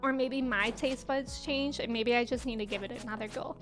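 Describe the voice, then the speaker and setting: Over soft background music, a woman in her twenties talks fairly quickly in a steady tone, her pitch on the high side. While streaming a game she keeps up casual chatter with viewers, laughs often, and reads out the chat.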